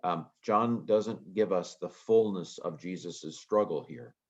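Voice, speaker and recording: Deep-voiced man teaching Greek grammar. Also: slow, lo-fi sound. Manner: relaxed, thinking aloud with frequent ums. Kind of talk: casual lecture on Greek grammar.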